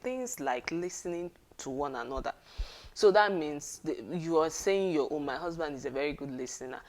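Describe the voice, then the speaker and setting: Low-voiced woman teaching on marriage. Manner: earnest, conversational, with frequent check-ins to listeners. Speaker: marriage talk host.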